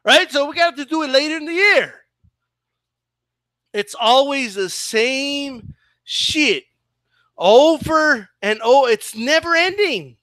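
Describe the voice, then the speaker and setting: Man, high voice, sarcastic profane boxing rant, dry close sound. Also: lively intonation, takes it slowly, pauses often, pushed and bright, dry recording. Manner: sarcastic, swears a lot, ends points with "right?". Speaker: boxing channel host.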